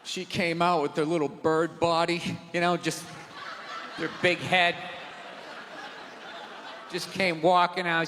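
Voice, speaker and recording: A man doing a stand-up routine in a large theater, ranting loudly and mocking people in put-on voices. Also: a little high, level tone, takes it slowly, long pauses. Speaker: stand-up comedian. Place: large theater with live audience. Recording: live theater recording, hall reverb, audience noise. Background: audience laughter and crowd.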